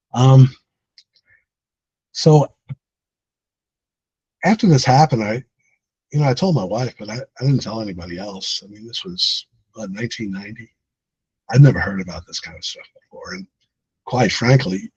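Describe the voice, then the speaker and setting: Husky middle-aged man telling his story. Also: medium pitch, a little mellow, no echo, dull audio. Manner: conversational, laughs at own story, many fillers. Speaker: support group speaker. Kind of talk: personal storytelling talk.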